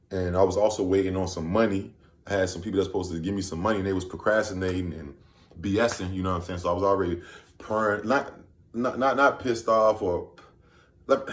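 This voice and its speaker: A man from Virginia telling a story casually to camera, loose and rambling, often saying "you know what I'm saying". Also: deep voice. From Virginia, USA. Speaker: vlogger. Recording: echoey room.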